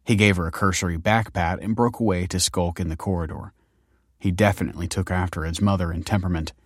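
A man narrating a story in a measured, wry manner. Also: low voice, steady tone, no echo, clean studio sound. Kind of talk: scripted narration.

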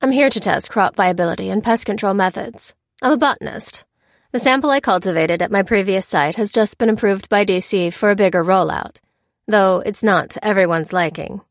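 A woman's voice: mid-range voice, a little fast, no echo, studio quality, lightly acted. A woman voicing a polite, somewhat hesitant female botanist and officer. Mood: earnest.

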